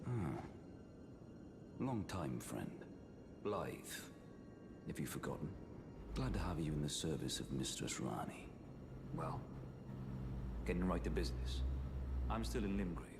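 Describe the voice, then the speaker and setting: A gruff low adventurer. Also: male voice, animated, normal speed, long pauses, music in the background. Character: gruff male wandering ally adventurer.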